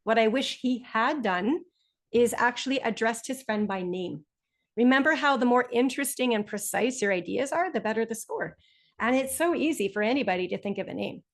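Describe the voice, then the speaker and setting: A woman teaching a test prep webinar, explaining scores in a clear, friendly way. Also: a little high, expressive, a little fast. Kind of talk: instructional webinar.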